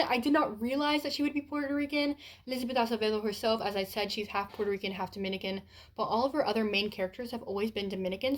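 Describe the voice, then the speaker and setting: Young adult woman, book vlogger, casual and chatty, mid-pitched voice, lively and self-deprecating delivery. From United States. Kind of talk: casual vlog chat.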